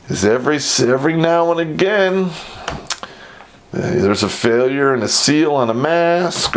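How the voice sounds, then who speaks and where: A middle-aged man with a gravelly, fry-laden voice tells old army stories. He talks casually and swears freely, and his pitch swings widely as he laughs his way through. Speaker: podcast host telling army stories. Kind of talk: casual storytelling.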